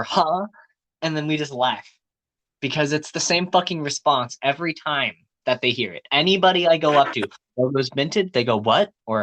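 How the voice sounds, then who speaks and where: Animated teenage guy telling stories. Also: mid-range voice, slight background noise. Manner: animated storyteller, swears freely. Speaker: podcast co-host. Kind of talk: casual chat.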